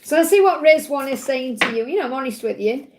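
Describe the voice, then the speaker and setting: A woman's voice: high-pitched, animated, quick pace, echoey room, noisy background. A woman hosting a live tarot Q&A, talking in a chatty, reassuring way and often checking in with "okay?". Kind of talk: casual live-stream reading.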